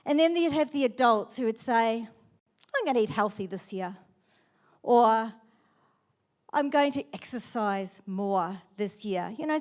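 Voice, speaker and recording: A woman's voice: on the high side, darkish tone. A middle-aged woman pastor with a New Zealand accent, preaching a sermon in a chatty, storytelling way.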